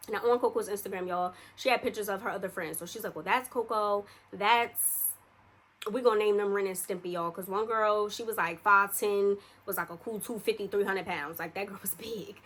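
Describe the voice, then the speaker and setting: A woman's voice: mid-range voice, normal speed, a bit bright. A young adult woman telling a story in a casual, chatty way, speaking straight to her viewers with plenty of slang.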